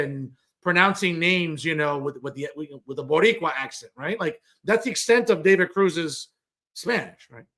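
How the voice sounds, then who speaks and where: A man with a high voice hosts political commentary, and he sounds combative and mocking. He drops Spanish phrases into his talk and keeps addressing his listeners directly. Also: a bit bright. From New Jersey.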